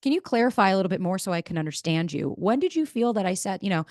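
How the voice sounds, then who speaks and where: A woman, giving a blunt, animated motivational talk as a podcast host and swearing freely. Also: medium pitch, fast talker, no room sound, clean studio sound.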